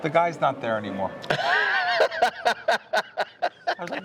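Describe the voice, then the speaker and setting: A podcast host who bets on sports professionally tells a long story in casual chat, animatedly acting out the voices of the people in it. His voice is fairly high and unhurried, with background noise.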